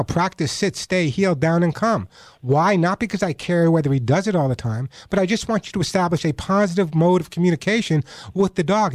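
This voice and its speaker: A man's voice: fairly high pitch, dry recording. A man hosting a call-in pet radio show, giving emphatic, coaching advice to callers as a dog trainer. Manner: emphatic, coaching, repeats key points.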